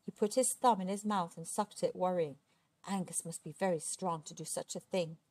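A woman reading a children's storybook aloud, expressive and steady. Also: on the low side, normal speed, dry recording. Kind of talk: children's book read aloud.

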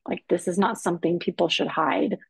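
A woman tells her personal story in an earnest, animated way, often slipping into the voices of the people she quotes. Her voice is husky and a little breathy. The sound is dry and close, with no room around it. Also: fairly low pitch, brisk, no echo, poor audio. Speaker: podcast guest. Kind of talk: personal testimony in conversation.

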